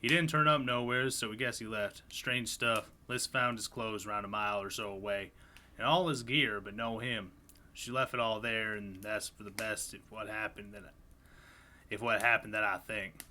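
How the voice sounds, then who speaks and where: A man reading aloud as a frightened, uneducated farmer writing a diary, in rough folksy grammar and a grim tone. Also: fairly low pitch, fairly even intonation, moderate pace, pushed and bright, a little hiss or hum.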